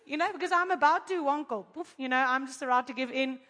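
A woman from Africa, telling a lively testimony to a congregation, animated and laughing often as she acts out the people in her story. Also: sits high, fast. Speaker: speaker giving a testimony to a congregation. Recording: echoey hall.

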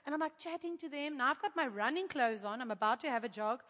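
A woman tells her testimony to a congregation in a bright, sharp voice. She is animated, laughs often and acts out the people she quotes. Her voice carries a long echo from a large hall. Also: sits high, fast talker. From Africa. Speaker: speaker giving a testimony to a congregation. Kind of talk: lively testimony storytelling. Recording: echoey hall.

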